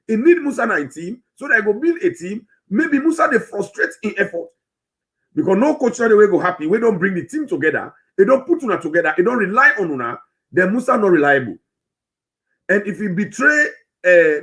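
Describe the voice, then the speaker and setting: A man's voice: sits high, a bit bright. A man with a Sierra Leonean Krio-English accent, rambling through an opinion commentary with many restarts. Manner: rambling, searching, frequent restarts. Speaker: host of a political commentary channel.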